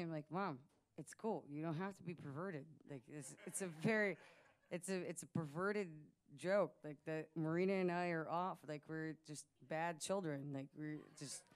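Her voice is deep, clear and resonant, and she's in her late twenties. Between songs at a small live venue, she chats loosely from the stage, wandering through a story and laughing often.

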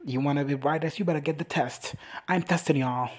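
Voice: medium pitch, brisk, husky, close to an everyday voice. A reactor putting on a sassy picky dragon.

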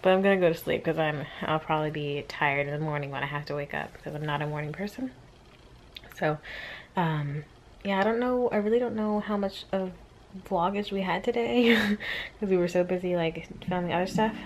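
A woman speaking softly into her camera late at night, hushed and unhurried. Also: fairly low pitch, a little hiss or hum, poor audio. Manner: soft, hushed and drowsy-sounding. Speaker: vlogger. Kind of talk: late-night vlog sign-off. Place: dark home room at night.

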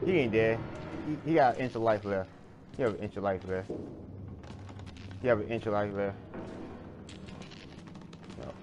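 A man streaming a horror game live, reacting loudly with swearing and laughter. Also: on the low side, normal speed, pauses often. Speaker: gaming streamer. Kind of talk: live horror gameplay commentary. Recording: game music behind voice. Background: game music.

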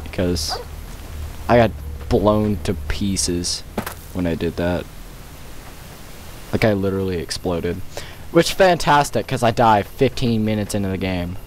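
A man's voice: deep voice, a little slow, pauses often, a little hiss or hum. A young man giving casual let's-play commentary at his computer, breaking into panicky yelps and shrieks and laughing often. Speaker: gamer.

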